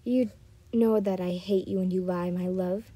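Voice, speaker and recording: Girl reading a creepy obsessive guy, flips from doting to raging, dark breathy tone. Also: a little high, fairly even intonation, unhurried, exaggerated voice. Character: obsessive volatile tall disheveled man.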